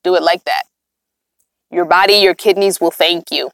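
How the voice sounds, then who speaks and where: A woman's voice: fairly low pitch, steady tone, normal speed, vocal fry, a bit bright, no room sound. A woman vlogger who lives in a van, chatting casually on a livestream, reading comments aloud and laughing often. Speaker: van-dwelling vlogger reading live chat. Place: inside her van.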